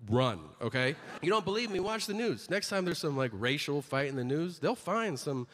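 Animated stand-up comic man on stage. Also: on the high side, moderate pace, long reverb tail, a little hiss or hum. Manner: animated storytelling, acts out characters. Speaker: stand-up comedian. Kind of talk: stand-up routine.

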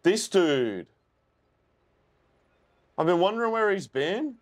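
A young man reacting to a war film for the first time, swearing and shouting at the screen. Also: high-pitched, very animated, slow. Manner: emotional, swearing, exclaims at the screen. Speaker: reaction video host.

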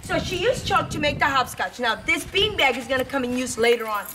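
A woman's voice: high-pitched, animated, fairly quick, background noise. A woman teaching a preschool lesson to young children, in a cheerful sing-song way.

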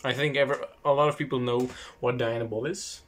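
A man's voice: medium pitch, fairly even intonation, fairly quick, a bit bright. A man with an ordinary mid-range voice casually walks through a bit of history as a host. He rambles, corrects himself often and drops offhand asides along the way.

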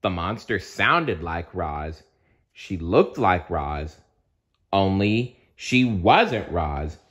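A man reads a children's storybook aloud in an unhurried, lowish voice. His delivery is slow and expressive, with a lively melody. He paces each sentence for the story. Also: highs cut off. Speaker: narrator.

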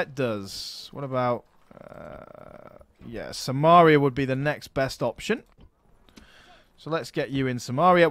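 A man's voice: on the high side, fairly bright tone, no room sound. Chatty man thinking aloud over a game. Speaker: let's play host. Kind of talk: casual strategy game commentary.

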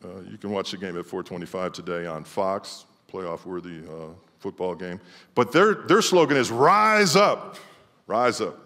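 A man's voice: low-pitched, animated, normal speed. Preaching man in a reverberant church. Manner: emphatic preaching with sudden swings from loud to quiet. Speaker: pastor. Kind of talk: sermon. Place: church sanctuary. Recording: long church hall reverb.

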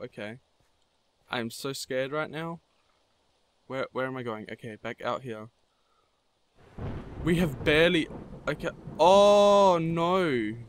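In a dry recording, a man with a smooth, medium-pitched voice nervously narrates his way through a horror map. Jumpy and quick to get scared, he talks to the monsters he finds and lets out panicked bursts of "no."

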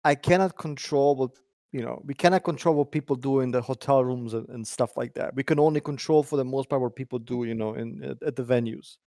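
A man's voice: mid-range voice, a little fast, mellow, dry recording, clean studio sound. A man talking in a casual podcast discussion, defending his view in rambling sentences with restarts. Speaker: podcast guest.

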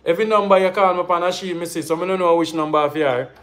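A man's voice: high-pitched, steady tone, very fast, fairly bright tone, roomy sound. A man with a Jamaican accent hosting a livestream, chatting playfully and teasing his guest. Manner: playful, teasing, laughs often. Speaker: livestream host. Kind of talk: casual chat.

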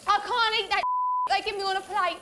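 Young woman, reality contestant, mid-meltdown: high-pitched, whiny, tearful, cursing, heavy noise behind. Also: steady tone, a little fast. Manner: upset, whining, swearing, repeating complaints. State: distressed and near tears. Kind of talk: emotional outburst. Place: indoors in a house.

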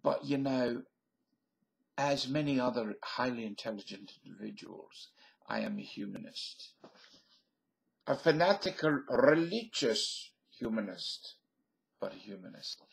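A man's voice: medium pitch, lively intonation, unhurried, gravelly, rough recording. An older man rambling through a stream-of-consciousness comedy monologue into a webcam at home, laughing at his own jokes. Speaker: vlogger.

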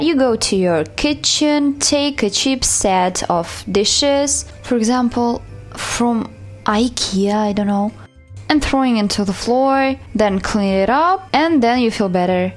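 Slow playful woman gaming vlogger. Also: on the high side, animated, faint music behind. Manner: chatty, playful, talks to her pet like a baby. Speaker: gaming YouTuber. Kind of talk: let's-play commentary.

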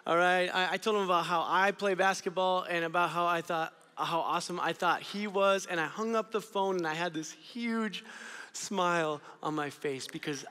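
Bright, high-voiced young preacher in a hall. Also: male voice, normal speed, clean tone. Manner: energetic, storytelling, drops to quiet intensity. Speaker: student ministry speaker. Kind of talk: youth sermon. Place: church auditorium.

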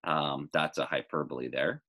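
A man reading a children's novel aloud as a teacher, pausing casually to explain figures of speech. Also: rumbling low, fairly even intonation, pushed and bright.

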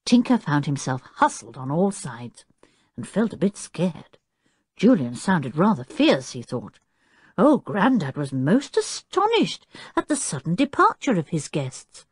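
A woman reading a children's audiobook with expressive, storytelling delivery. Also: no echo. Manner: expressive storytelling, varied pitch. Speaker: audiobook reader. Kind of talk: audiobook narration.

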